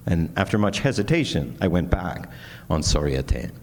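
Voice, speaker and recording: A Canadian man with a low, sing-song voice delivers a personal keynote in a large conference hall, speaking at a moderate pace. He's earnest and candid, mixing in self-deprecating humor. The recording carries long hall reverb and faint noise.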